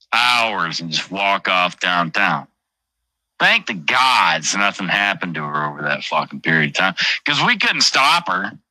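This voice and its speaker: Man, livestream host, blunt storyteller with lots of swearing; lively, up-and-down delivery. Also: medium pitch, no echo, poor audio. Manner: blunt and heavily profane, repeats phrases.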